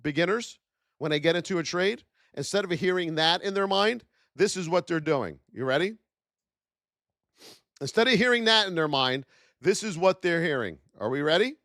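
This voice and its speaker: A man hosting a live-stream trading lesson, animated and full of rhetorical questions, shouting out his viewers. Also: high voice, moderate pace, dry recording, clean studio sound.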